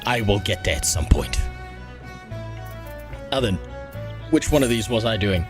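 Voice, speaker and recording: Streaming a game, a man chats casually with himself and his viewers, grumbling and swearing nonstop as he comments on his play. His fairly low voice has lively intonation and a measured pace. He's on a headset mic, with music playing in the background.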